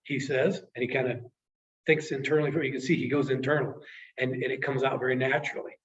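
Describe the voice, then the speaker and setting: A man telling a personal story to an audience in a presentation, halting and repeating words, acting out the people he quotes, emotional at times. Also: mid-range voice, little pitch movement, slight background noise. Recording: distant, dull lo-fi sound.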